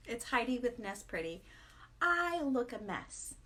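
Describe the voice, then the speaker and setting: Chatty, laughing woman vlogger, a bit high. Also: very animated, slow, music in the background. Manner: chatty and self-mocking, laughs often. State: tired. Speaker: vlog host. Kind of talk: casual morning vlog chat.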